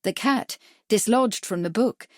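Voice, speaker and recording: A woman narrating a cozy mystery audiobook in a steady, measured way. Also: medium pitch, no room sound, studio quality. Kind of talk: scripted narration.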